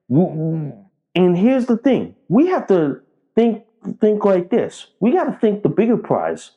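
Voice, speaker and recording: A man's voice: on the high side, warm tone, low-quality recording. Blunt, profane political commentator man. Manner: blunt, profane and repetitive, rallying his viewers.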